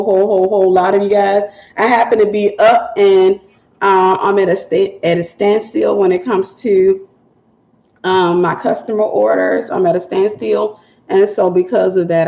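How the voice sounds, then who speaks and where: A woman talks to her livestream viewers early in the morning, her voice still sleepy and gravelly with fry. She chats loosely and repeats herself for emphasis. The sound is dull and lo-fi in an echoey room. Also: medium pitch, warm tone. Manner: chatty, repeats phrases, greets viewers. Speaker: livestream host and publisher. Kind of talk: casual morning livestream talk.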